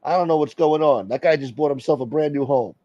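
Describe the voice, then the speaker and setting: A man's voice: a little high, quick pace, dark tone, no room sound, dull audio. Brash, profane male livestream host. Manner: brash, profane, joking banter with viewers. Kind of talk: casual livestream chat.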